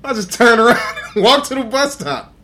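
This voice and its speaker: A man's voice: very high-pitched, very animated, moderate pace, bright, forceful tone. A man co-hosting a podcast, tipsy and telling a profane story with lots of acted-out dialogue. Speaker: podcast co-host. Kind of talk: casual drunk storytelling chat.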